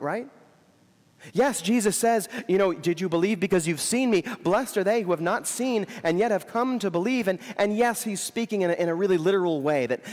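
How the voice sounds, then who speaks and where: A man's voice: fairly high pitch, long reverb tail. A man preaching an Easter sermon in a church, conversational in tone and repeating words for emphasis. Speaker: Episcopal priest preaching.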